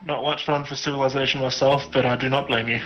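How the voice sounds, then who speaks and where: A man's voice: medium pitch, level tone, fast talker, fairly bright tone, lo-fi sound, soft background music. A man playing a tabletop game, chatting casually and laughing easily. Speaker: player.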